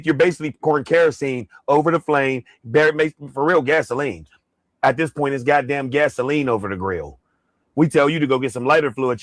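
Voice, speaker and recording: A man's voice: medium pitch, dry recording. A man in a played clip, ranting in a heated, mocking way and swearing heavily. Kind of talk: ranting reaction commentary.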